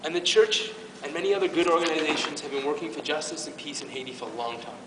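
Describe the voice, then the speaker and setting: A man's voice: a little high, fairly even intonation, quick pace, background noise. A man giving an informal faith talk to a youth group at his parish, earnest and emotional, with many restarts. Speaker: parish youth ministry speaker. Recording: echoey hall from far off.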